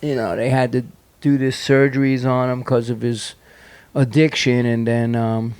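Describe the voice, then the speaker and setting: A man's voice: mid-range voice, level tone, normal speed, a little mellow, smooth, no room sound. A middle-aged man with a New York accent, a podcast guest telling hard stories in a rambling, profane way full of fillers and restarts. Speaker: podcast guest, punk band singer. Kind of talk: candid storytelling in conversation.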